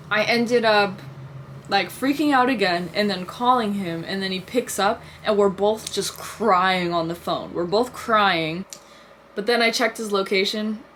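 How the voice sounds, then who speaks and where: A young woman talks straight to her audience in a loose, rambling way, her sentences threaded with "like" and the odd swear word. Her voice sits at a middle pitch for a woman. A faint hum of ambience runs underneath the recording. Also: fairly bright tone. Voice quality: frequent "like" fillers, swears casually. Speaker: vlogger. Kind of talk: casual storytelling monologue.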